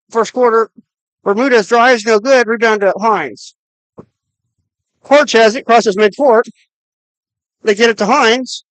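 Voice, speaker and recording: An adult announcer calling a high school basketball game on radio, with rapid, clipped calls of each pass and shot and the clock counted down aloud. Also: clean tone, dry recording, rough recording. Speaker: play-by-play announcer.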